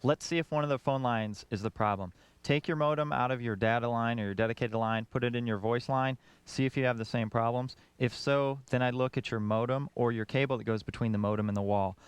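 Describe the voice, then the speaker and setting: A man's voice: medium pitch, steady tone, fairly quick, smooth, dry recording. A man co-hosting a call-in computer show, explaining answers in plain terms. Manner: explanatory, laughs easily. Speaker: tech expert co-host. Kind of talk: call-in tech talk show.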